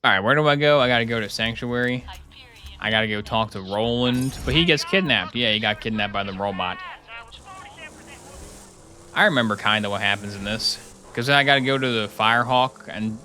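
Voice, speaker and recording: A man's voice: fairly low pitch, fairly quick, pushed and bright, a little hiss or hum. A man casually chatting on a live stream while playing a game, rambling and sarcastic, often slipping into mock voices.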